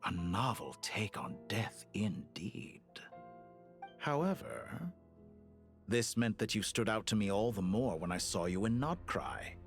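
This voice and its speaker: An actor playing a cruel, calculating male villain in a video game, talking in a cold, condescending, smoothly menacing way. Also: on the low side, big pitch swings, slow, faint music behind, exaggerated voice.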